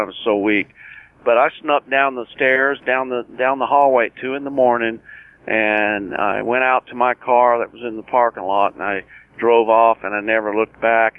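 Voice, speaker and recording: A man in his sixties, a guest telling his story of surviving cancer in an earnest, plain-spoken way, often restarting his sentences and acting out past conversations. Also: mid-range voice. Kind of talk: personal storytelling interview. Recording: tinny phone line.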